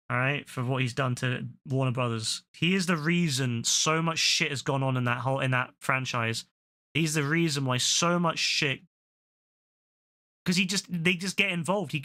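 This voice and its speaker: A young male streamer with a forceful, bright tone and a slightly raised pitch vents in casual live-stream chat. He swears often, stumbles over restarts and repeats his points as he rants. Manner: ranting, profane, repeats himself. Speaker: game streamer.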